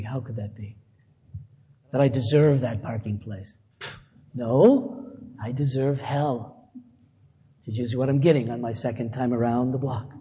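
A man's voice: mid-range voice, warm tone, husky, long reverb tail, dull audio. A middle-aged male pastor preaching a conversational sermon, mixing scripture with self-deprecating asides.

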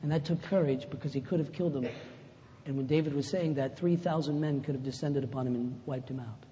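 A pastor giving a sermon in a conversational way, rising to loud emphatic lines and dropping to soft, low asides. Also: male voice, fairly even intonation, fast, lo-fi sound, a little hiss or hum. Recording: echoey hall with faint ambience.

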